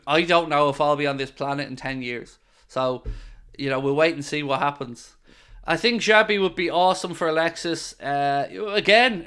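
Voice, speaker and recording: An Irish man hosts a football watchalong stream and chats his way through viewer comments. His voice sits a little high, with a bright, forceful edge. He talks in playful, teasing banter. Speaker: host of a football watchalong livestream. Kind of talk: casual livestream chat reading viewer comments.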